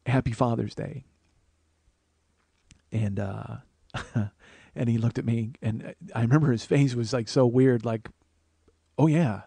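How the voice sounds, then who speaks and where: A man's voice: medium pitch, vocal fry, no room sound. A man in his forties recounts a childhood memory on his podcast in loose, profane conversational speech. His voice sits in a mid range, close to the mic in a dry, dead room. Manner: profane, conversational, animated quotes. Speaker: podcast host, comedian. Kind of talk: personal storytelling.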